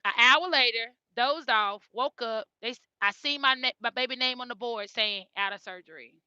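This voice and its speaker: Mother telling a story, high and very bright, earnest, dry dull lo-fi audio. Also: moderate pace, dry recording. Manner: repeats phrases, earnest and heartfelt. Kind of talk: emotional personal storytelling. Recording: dull lo-fi recording.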